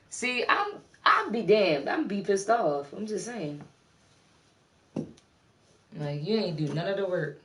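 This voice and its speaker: A woman from Maryland chats loosely and teasingly, laughing between lines. She sits back from the mic in a roomy, echoing space with a faint hiss behind her. Her voice sits at an ordinary middle pitch. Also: big pitch swings, takes it slowly, pauses often, a bit bright. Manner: loose, teasing, laughs often, reads chat aloud. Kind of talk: casual livestream chat. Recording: echoey room, far from mic, faint noise.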